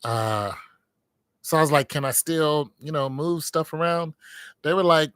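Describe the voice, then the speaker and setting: Candid rambling man, bright dry voice. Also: a little high, measured pace, smooth, no echo. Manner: rambling, candid, frequent fillers. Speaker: military veteran vlogger. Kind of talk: casual talk to viewers.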